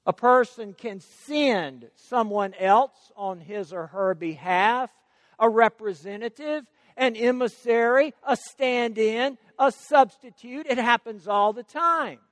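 A man's voice: very high-pitched, slow, a bit bright, no echo, long reverb tail. A man preaching a sermon, emphatic and stressing key words by repeating them.

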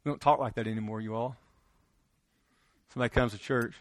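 A man's voice: mid-range voice, expressive, quick pace, a bit bright, dry recording. A man preaching a sermon in a conversational way, with restarts and questions to the congregation. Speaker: pastor.

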